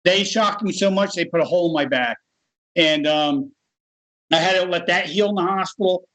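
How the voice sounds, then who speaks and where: A middle-aged man with a fairly high voice tells a personal story in a relaxed, conversational way. He livens it up by acting out the other people's lines in changed voices. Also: normal speed, low-quality recording. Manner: animated, acts out other people's voices in his stories. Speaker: guest. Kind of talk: casual storytelling.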